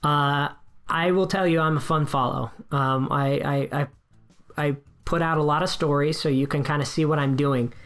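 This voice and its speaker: A man's voice: on the high side, fairly even intonation, normal speed, fairly bright tone, faint music behind. A man as a podcast guest, talking casually and energetically about his work as a wedding DJ, frank and self-deprecating, with frequent restarts. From United States.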